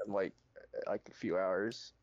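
A man's voice: deep voice, steady tone, measured pace, dry recording. A young man co-hosting a casual chat, crude and blunt, gossiping, speaking close to his mic. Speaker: podcast co-host. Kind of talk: casual chat between friends. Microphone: mic right in front of his mouth. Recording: dull dry lo-fi mic.

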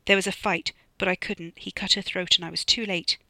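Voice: mid-range voice, steady tone, brisk, gravelly, sharp tone, dry recording. A narrator voicing Freddy, a panicking young man who lies to cover up a killing, in an audiobook reading. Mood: desperate. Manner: desperate, hissing, pleading.

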